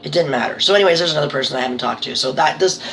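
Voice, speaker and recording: A woman's voice: low-pitched, very fast, gravelly, a bit bright, slight background noise, low-quality recording. A middle-aged woman talking casually to camera at home, telling exasperated stories and breaking into laughing disbelief. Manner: chatty, exasperated storytelling that tips into laughing disbelief. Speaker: vlogger running a small home business. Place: her living room at home.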